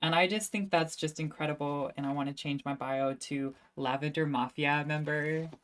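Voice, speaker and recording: A woman's voice: low-pitched, steady tone, moderate pace, slight background noise. A young woman, a student, chatting casually on a livestream and answering viewer questions, self-mocking and laughing often.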